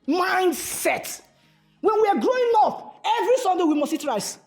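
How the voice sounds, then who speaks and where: High-voiced Nigerian woman preaching mindset. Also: very animated, normal speed, a little mellow, faint music behind. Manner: emphatic, repeats key phrases, slips into pidgin. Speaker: motivational speaker. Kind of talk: motivational talk to an audience.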